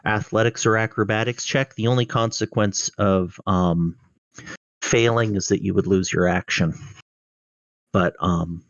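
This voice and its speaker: A man in a lower register runs an online tabletop game, taking his time over each ruling and pausing to think. His voice comes through dry and a little muffled. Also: steady tone, dry recording. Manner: measured, hesitant with fillers. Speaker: dungeon master.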